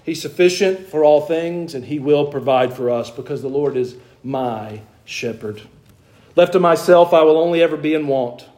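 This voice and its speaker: A man's voice: on the high side, moderate pace, darkish tone. A man from the American South preaching a sermon to his congregation, with earnest emphasis, and asking them questions. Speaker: pastor. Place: church.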